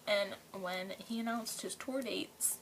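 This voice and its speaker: A young woman from New Orleans talks to her camera at home in a soft, whispery way, gushing and earnest, with a lilt. Her voice carries a gravelly fry at mid pitch. A faint hiss sits under the recording. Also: fairly even intonation, slow pace. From New Orleans, USA. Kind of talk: emotional personal vlog.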